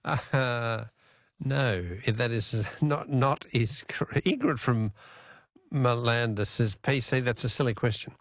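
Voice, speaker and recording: An Australian man hosts a radio quiz, chatting casually with callers in a chuckling, self-deprecating way on a studio microphone. His voice is medium-pitched and slow, with no room sound.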